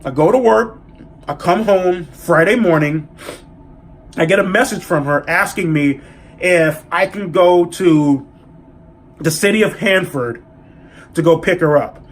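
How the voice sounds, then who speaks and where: A man telling a story in a casual vlog, profane and animated as he rants. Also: sits high, a little slow, pauses often. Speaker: vlogger.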